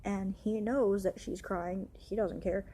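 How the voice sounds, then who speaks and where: A woman's voice: medium pitch, fairly even intonation, measured pace, mellow, slight background noise. A young woman rants in an upset, run-on way, swearing often as she tells a storytime vlog about her night. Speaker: vlogger.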